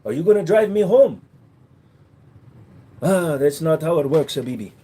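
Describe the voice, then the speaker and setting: A man's voice: a little high, lively intonation, normal speed, dark tone, husky. A man doing an indignant haggling shopkeeper. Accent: put-on Arab. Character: pushy male shopkeeper who demands payment.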